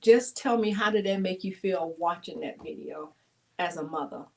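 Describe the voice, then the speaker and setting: A woman's voice: lowish voice, moderate pace, creaky. A middle-aged woman hosting an emotional panel talk, speaking in an earnest, heartfelt, rambling way over a video call. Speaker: talk show host.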